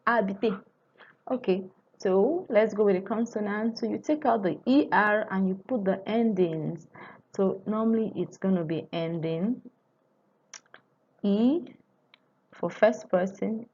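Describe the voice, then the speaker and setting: Patient woman teaching, mellow muffled voice. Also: mid-range voice. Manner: patient, repeats conjugations aloud slowly. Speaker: French teacher. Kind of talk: screen-recorded language lesson.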